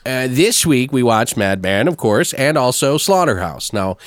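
Man, podcast co-host, casual chat, lively pitch, dry close sound. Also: unhurried, no room sound. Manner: laid-back, laughs often, swears casually.

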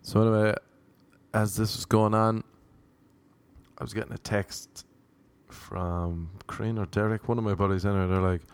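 A man's voice: on the low side, fairly even intonation, normal speed, smooth, no echo. A young Irish man telling a rambling, self-mocking anecdote in casual chat, slipping into voices for the people he quotes. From Ireland. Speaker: storyteller.

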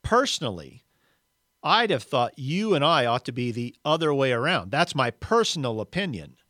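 A man voicing a blustering, self-righteous ghost of a middle-aged man, loud and aggrieved. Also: medium pitch, sing-song, moderate pace, dry recording, studio quality. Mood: indignant.

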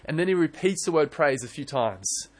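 Young man, pastor giving a sermon in church, earnest, animated, restarts, slightly high voice. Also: normal speed.

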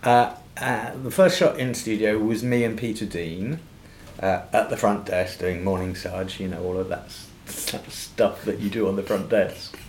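Older male actor guest, lively raconteur, slightly low voice, roomy echo and faint hiss. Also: moderate pace. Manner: lively raconteur, laughs often, acts out quoted voices. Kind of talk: anecdotal storytelling in a podcast interview. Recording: echoey room with faint noise.

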